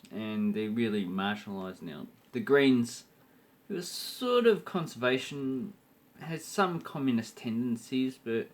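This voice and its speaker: Blunt, sweary Australian man, casual vlog teacher, very lively intonation. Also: fairly low pitch. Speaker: language teacher.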